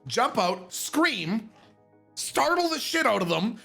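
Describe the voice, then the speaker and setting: A man casually telling a story as a streamer, animated and profane, sometimes bursting into shouts. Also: high-pitched, measured pace, creaky, faint music behind.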